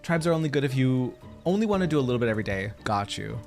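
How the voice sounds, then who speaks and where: A man's voice: mid-range voice, very fast, creaky, faint music behind. Playful young male streamer. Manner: playful, joking, easily excited. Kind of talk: casual gameplay commentary.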